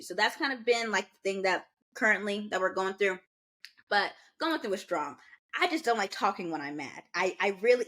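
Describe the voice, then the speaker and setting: A young American woman co-hosting a podcast, telling a story in a lively, casual way with quoted asides. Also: mid-range voice. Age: young adult. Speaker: podcast co-host.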